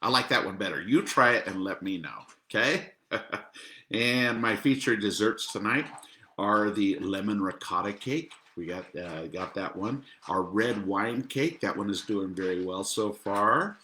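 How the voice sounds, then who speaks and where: A man's voice: lowish voice, a little slow, sharp tone, reverberant. A middle-aged man who owns a restaurant, chatting casually about the menu and cracking jokes at his own puns. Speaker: restaurant owner promoting the menu. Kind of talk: casual chat.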